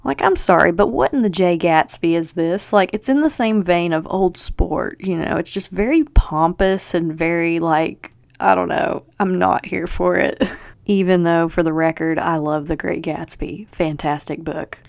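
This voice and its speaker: A woman hosting a podcast, talking through a book in a chatty, animated, sarcastic way. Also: on the low side, unhurried, creaky, no echo, clean studio sound. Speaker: podcast host. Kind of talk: casual book-review chat.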